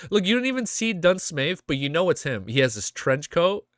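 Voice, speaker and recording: A man live-streaming his reactions, excitable and hyped, with casual slang and swearing. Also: fairly high pitch, brisk, no room sound, studio quality. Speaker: streamer reacting to a web novel.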